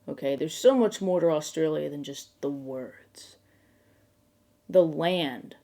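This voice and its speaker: Brief: woman, lowish voice, spoof talk-show host, overblown mock outrage with swearing. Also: slow pace, long pauses, darkish tone. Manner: mock-serious ranting, bursts of outraged swearing. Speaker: late-night show host. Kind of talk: mock late-night monologue.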